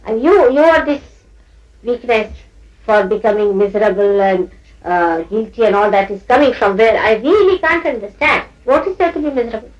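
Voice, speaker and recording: A woman's voice: on the high side, rough recording. An older woman teaching at a spiritual gathering, scolding her listeners playfully and often breaking into laughter as she mimics them.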